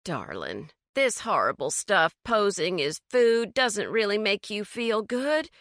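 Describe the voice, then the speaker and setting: A woman's voice: medium pitch, big pitch swings, slow, a bit bright, no room sound, studio quality, exaggerated voice. Woman doing a syrupy, condescending drawl. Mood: cooing. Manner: sugary, patronizing drawl. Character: pushy syrupy slim fitness woman, condescending.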